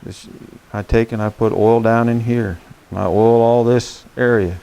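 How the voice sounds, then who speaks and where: A man's voice: mid-range voice, steady tone, moderate pace, vocal fry, mellow, smooth, highs cut off. A man demonstrating saddle care beside his horse, talking in a folksy, plain-spoken way and checking in with "okay?" as he works. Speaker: horsemanship instructor. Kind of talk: hands-on demonstration.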